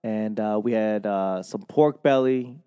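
A man's voice: fairly low pitch, unhurried, clean tone, in a large hall, dull audio. A man with a Boston accent rambling casually into a microphone, self-deprecating and swearing freely.

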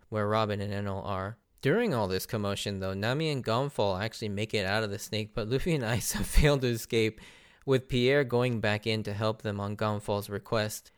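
A man giving a casual, animated recap of an anime arc, laughing often and acting out characters' lines. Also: lowish voice, clear, resonant tone. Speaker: anime reviewer.

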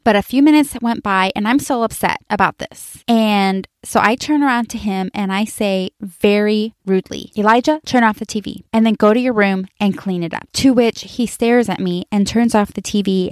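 A woman in her forties shares a story from home, candid and chatty, leaning on fillers and talking straight to her listeners. Her voice sits at a middle pitch, and the recording is dry and close with no room sound. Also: darkish tone, no echo. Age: 40s. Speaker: podcast host.

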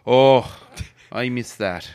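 A man's voice: mid-range voice, slow pace, a little mellow, natural voice. An actor playing a crude, boastful Irish man with an Irish accent who rambles and exaggerates. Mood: chatty. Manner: rambling, swears casually, exaggerates. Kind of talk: improvised comedy character.

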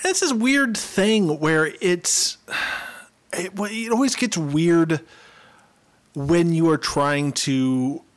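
A man co-host riffs on a cartoon episode, full of sarcastic asides and casual swearing. His voice sits on the higher side for a man, and he keeps the chat loose and joking. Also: slow pace. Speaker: podcast co-host.

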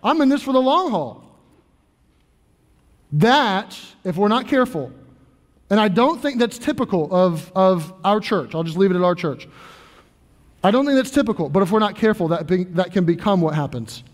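High-voiced preaching man in a reverberant church. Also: expressive, normal speed. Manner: earnest, conversational preaching with many restarts. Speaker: pastor. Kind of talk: sermon. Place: church sanctuary.

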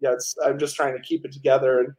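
A man telling animated stories as the author and guest in a casual interview, with many restarts. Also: mid-range voice, fast, rough recording.

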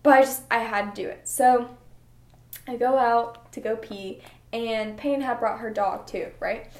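A young woman co-hosting a casual podcast, telling a story in an animated way and swearing freely. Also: a little high, a little slow. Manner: animated, swears a lot, acts out her own story. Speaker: podcast co-host. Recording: echoey room.

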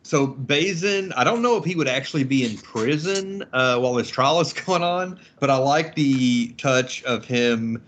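Laid-back, chuckling comic-book chat. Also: male voice, medium pitch, animated, unhurried, few pauses, fairly bright tone, slight background noise. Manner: laughs often while talking. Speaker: podcast panelist. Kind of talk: casual chat.

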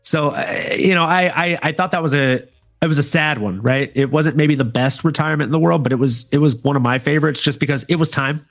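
In casual chat, a man with a slightly high, somewhat bright voice co-hosts a fan awards show. He's laid-back, leaning heavily on fillers and drawing out his phrasing.

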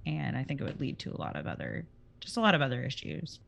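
A woman's voice: rumbling low, very animated, fast talker, vocal fry, fairly bright tone, a little hiss or hum. A woman co-hosting a casual podcast, mostly chiming in with short replies and quips. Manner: brief agreeing replies and quips. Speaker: podcast co-host.

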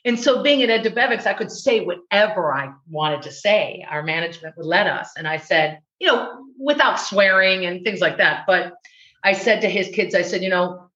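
A woman from the US Midwest, an actress being interviewed, telling stories in a lively, chatty way full of restarts. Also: medium pitch, normal speed. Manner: animated, chatty storyteller with laughs and restarts. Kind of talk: casual interview chat. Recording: roomy, dull recording.

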